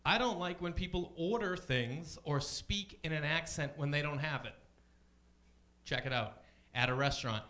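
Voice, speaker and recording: Man, stand-up comedian, bright tone, a bit high, chatty and deadpan, club stage mic. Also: normal speed. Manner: deadpan, chatty, slips into high voices for others.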